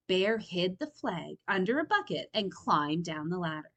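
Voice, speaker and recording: A woman storyteller reading a picture book aloud to children, expressive and pausing to explain words. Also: on the low side.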